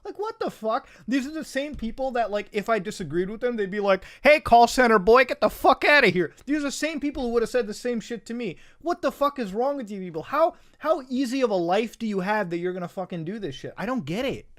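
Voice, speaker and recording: High-voiced man ranting profanely. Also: expressive, fast talker, hardly any pauses. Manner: profane, heated and sarcastic; chatty, addresses viewers directly. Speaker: host. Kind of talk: online commentary rant.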